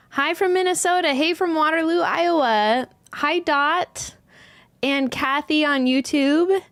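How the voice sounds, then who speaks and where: A woman's voice: high-pitched, animated, slow, pauses often, fairly bright tone, no echo. A woman hosting a casual livestream, chatting and greeting viewers one by one by name, a little scattered as she reads comments. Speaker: host, yarn studio owner.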